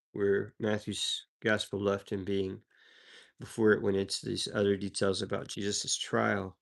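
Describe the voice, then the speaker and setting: A man's voice: fairly low pitch, gravelly. A man from the American South reading Bible passages aloud and explaining them in an easygoing, conversational teaching style. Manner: reads verses then explains them, conversational asides. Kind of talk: devotional Bible reading and commentary.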